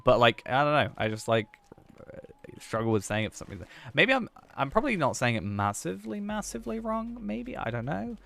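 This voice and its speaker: A man's voice: a little high, very animated, fairly quick, gravelly, fairly bright tone. A man streaming a game, chatting casually and thinking aloud in a rambling, self-mocking way. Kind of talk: casual gameplay chat.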